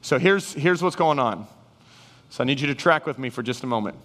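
A man preaching a sermon, animated, acting out Bible figures and his listeners in raised voices. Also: medium pitch, brisk. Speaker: pastor. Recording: reverberant hall sound.

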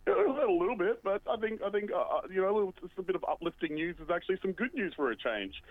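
A man's voice: sits high, expressive, quick pace. A man playing a lonely talking bridge, melodramatic. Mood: excited. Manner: melodramatic, rambling, near tears. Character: lonely, self-pitying talking road bridge. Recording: tinny phone line.

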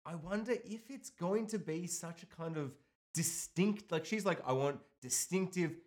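A man in casual chat, animated and quick to laugh, with some casual swearing. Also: high-pitched.

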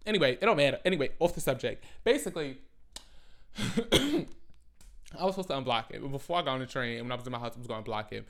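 A man's voice: medium pitch, animated, quick pace, pauses often, a bit bright. A young man hosting a podcast, telling a personal story in a rambling, profane, slangy way that keeps circling back on itself. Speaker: podcast host. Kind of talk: casual storytelling monologue.

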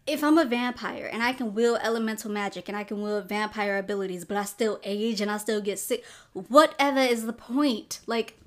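A woman's voice: medium pitch, normal speed. A young adult woman hosting a podcast, giving a casual, rambling movie review full of "like" fillers. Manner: chatty, rambling, lots of "like" fillers. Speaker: podcast host. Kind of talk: casual film review commentary.

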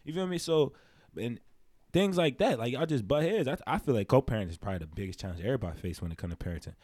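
A young man co-hosting a casual podcast, talking loosely about fatherhood and sometimes jumping into high, animated imitations. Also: very fast, no echo. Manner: animated storytelling, slips into high mimicking voices. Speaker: podcast co-host.

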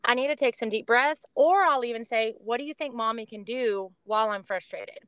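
Earnest mother sharing her faith, smooth voice. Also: fairly high pitch, a little fast, a bit bright, no echo. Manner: earnest, reflective, talks in long runs. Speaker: podcast guest. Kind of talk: casual faith-based conversation.

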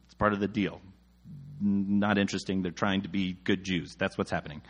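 A deep-voiced man in his thirties reads scripture aloud at a fairly quick clip with fairly even intonation. He keeps breaking off into jokey, exasperated asides about the text in a casual mix of reading and commentary.

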